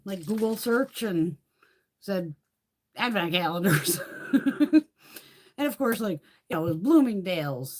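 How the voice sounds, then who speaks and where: A middle-aged woman hosting a casual beauty livestream, chatty and swearing freely as she tells stories. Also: fairly low pitch.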